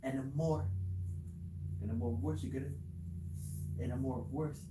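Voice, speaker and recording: A man's voice: medium pitch, steady tone, a little slow, reverberant, over music, rough recording. A man talking to camera in a casual vlog, handing out earnest life advice in a rambling, repetitive way, with many restarts. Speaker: video creator. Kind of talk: casual motivational talk to camera.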